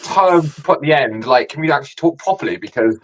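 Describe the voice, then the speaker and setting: A man co-hosting a casual sports podcast, talking in a halting, teasing way with many restarts. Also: on the high side, lively intonation, rough recording. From United Kingdom. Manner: hesitant, repeats words, teasing. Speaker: podcast co-host.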